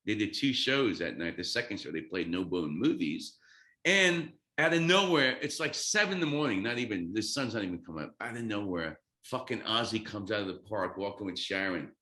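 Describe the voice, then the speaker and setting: Excitable man in his fifties, echoey room. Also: lowish voice, moderate pace. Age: 50s. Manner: excitable, swears freely, acts out quotes. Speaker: guest drummer. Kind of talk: animated storytelling.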